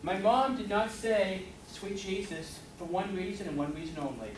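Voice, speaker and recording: A man's voice: sits high, a little fast. A man telling a funny personal story to a meeting audience, often laughing at himself. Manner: laughing, self-mocking storytelling. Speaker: club member telling an impromptu story. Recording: echoey meeting room from far off, loud noise.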